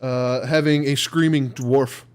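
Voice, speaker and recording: A man's voice: medium pitch, steady tone, a little slow, smooth. Easygoing man running a tabletop game. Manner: easygoing, laughs often. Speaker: dungeon master.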